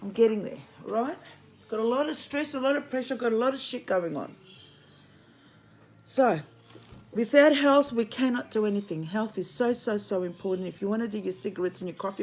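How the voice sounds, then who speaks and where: A woman's voice: medium pitch, brisk. A woman with Greek roots who lives in Australia, giving a blunt, preachy livestream monologue from home to her viewers, swearing freely and calling them friends. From Greek heritage, living in Australia. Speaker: online spiritual commentator. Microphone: phone.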